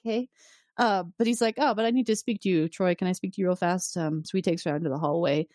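A fast-talking woman with a low, darkish voice keeps a steady tone as she acts out characters' lines while retelling a story. The recording is dry and studio quality, from a casual podcast where she co-hosts and recaps episodes.

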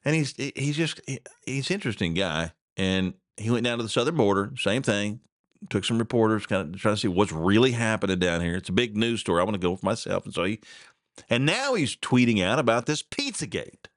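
Brief: low-pitched male talk-show host, loose rambling delivery, dry close mic. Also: expressive, a little fast, dry recording. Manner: rambling, repeats himself, laughs at the news. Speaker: podcast host. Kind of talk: casual solo commentary.

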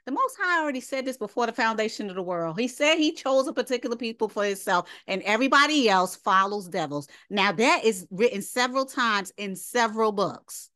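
A woman's voice: a little high, lively intonation, fairly quick, hardly any pauses, pushed and bright, no room sound, clean studio sound. A woman teaching a casual scripture lesson, reading verses aloud and then commenting directly to her listeners. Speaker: Bible study teacher.

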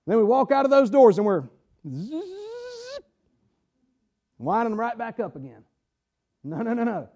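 A man's voice: high voice, very animated, a little fast, mellow, a little hiss or hum. A man preaching a sermon in church, drawling, stretching words, asking the congregation questions. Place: church sanctuary.

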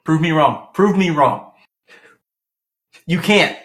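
A man co-hosting a podcast in casual chat, teasing bluntly and crudely with a deadpan delivery. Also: a little high, slow pace. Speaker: podcast co-host.

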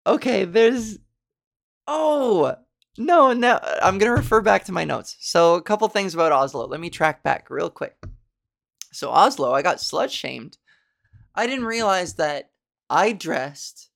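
A woman's voice: medium pitch, creaky. A woman comedian hosting a podcast, telling stories in a casual, chatty way with wry, self-mocking asides. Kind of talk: casual comic storytelling.

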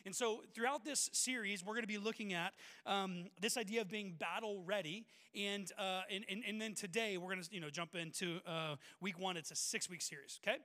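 A young man preaching a sermon as a pastor, telling a personal story with lively acted-out voices. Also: high-pitched, fairly quick, hardly any pauses. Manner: energetic storyteller, acts out voices of people in the story. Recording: long hall reverb.

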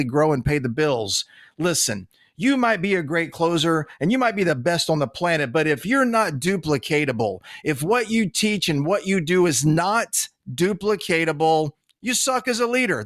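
A man's voice: fairly high pitch, no echo, clean studio sound. A middle-aged man hosting a sales podcast, talking bluntly and with lots of energy, swearing now and then. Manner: blunt, animated, swears casually. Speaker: podcast host, sales trainer. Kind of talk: casual monologue.

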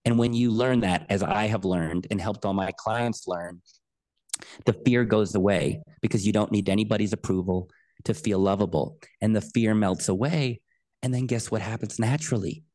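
Earnest man telling his story. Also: fairly low pitch. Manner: earnest, emphatic, animated retelling. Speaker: podcast guest, coach. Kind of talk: personal storytelling in an interview.

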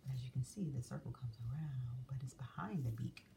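This woman's voice is rumbling low, fairly quick, and dark, with vocal fry. She teaches a drawing lesson to young children in a coaxing, sing-song manner, asking them questions as she draws, and the faraway mic picks up faint room noise.

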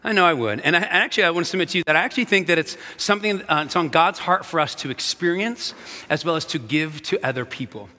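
Upbeat pastor in a reverberant church. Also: male voice, a little high, fast talker, sharp tone. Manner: upbeat, playful, talks straight to the congregation. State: a little out of breath. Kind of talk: energetic sermon. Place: church sanctuary. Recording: long hall reverb with faint music.

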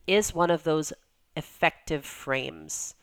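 A woman's voice: deep voice, slow pace, clean tone. A woman coach talking in a casual podcast interview, chatty with lots of fillers, acting out the voices she quotes. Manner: chatty, many "like" and "you know" fillers, acts out quoted voices. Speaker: podcast guest, women's coach.

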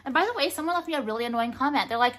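A woman's voice: high voice, lively intonation, very fast, noisy background. A woman vlogger chatting casually to viewers about things she bought, blunt and profane, ranting now and then. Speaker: vlogger showing purchases. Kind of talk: casual haul chat to viewers.

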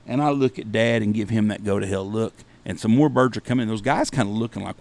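Gravelly man telling a cussing story. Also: fairly low pitch, fast. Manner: profane, animated anecdote-telling. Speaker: podcast host. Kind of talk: casual storytelling.

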